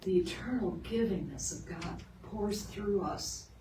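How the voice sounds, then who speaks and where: A middle-aged woman minister giving a storytelling sermon, lively when telling the story and soft and earnest when making her point. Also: mid-range voice, a little slow. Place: sanctuary of a spiritual center. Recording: roomy, distant, with background noise.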